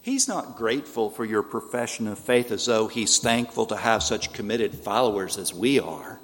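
A man's voice: lowish voice, animated, moderate pace, a bit bright, big-room sound. A man preaching a sermon in an earnest, pleading way, asking the listeners rhetorical questions. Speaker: pastor.

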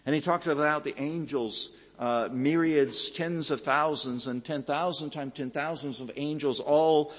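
A man's voice: fairly high pitch, a little slow, few pauses. A man preaching a sermon, earnest and building to fervent emphasis, often repeating words as he presses a point. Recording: long hall reverb.

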